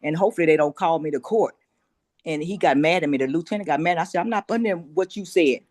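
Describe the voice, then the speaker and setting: A woman's voice: low-pitched, fast, darkish tone, no room sound, studio quality. A woman, formerly a correctional officer, telling a plain-spoken personal account and acting out the dialogue.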